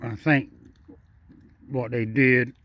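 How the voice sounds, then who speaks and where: A man's voice: medium pitch, steady tone, slow, lo-fi sound. A man giving casual running commentary while feeding a raccoon, talking straight to the animal in a chatty, repetitive way. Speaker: vlogger feeding a wild raccoon.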